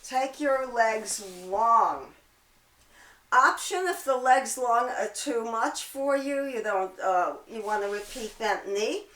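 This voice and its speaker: A woman teaching a pilates mat class, counting reps and cueing breath with a slightly hoarse voice and chatty asides. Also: a little high, slow pace, a bit bright, reverberant, low-quality recording. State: throat-clearing, hoarse from allergies. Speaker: pilates instructor. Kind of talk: guided workout instruction.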